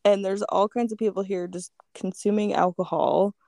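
A woman with a gravelly, fry-tinged voice tells a story in relaxed, casual chat. Her tone is mellow and dark, and it is recorded dry and close. She swears freely and fills her lines with "like.". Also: mid-range voice, moderate pace, no room sound. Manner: laid-back, swears freely, lots of "like".

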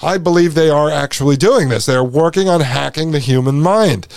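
Man, higher pitch, podcast host, emphatic commentary over a video, repetitive, sarcastic, dry close sound. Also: a little fast, vocal fry, a little mellow, dry recording. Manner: emphatic, repeats phrases, sarcastic asides.

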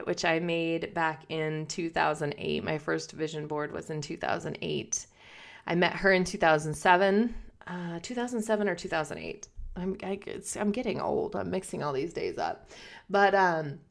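A woman in her thirties telling personal stories to her viewers in a casual, chatty way, laughing often and acting out what others said. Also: mid-range voice. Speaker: vlogger.

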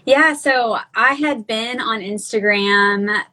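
A woman's voice: fairly high pitch, slow, bright, forceful tone, low-quality recording. A woman in her thirties from Arkansas with a Southern twang, chatting casually as a podcast guest over a video call, with many fillers and restarts. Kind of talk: casual chat.

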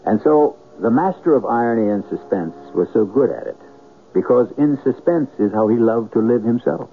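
A man hosting a radio drama, closing the show with measured, reflective scripted narration. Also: mid-range voice, lively intonation, vocal fry. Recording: lo-fi old radio broadcast with faint hiss.

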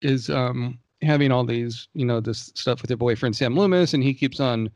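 A man's voice: mid-range voice, moderate pace, darkish tone, dry recording. A man chatting casually about an old film at home, digressive with frequent fillers. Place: home room.

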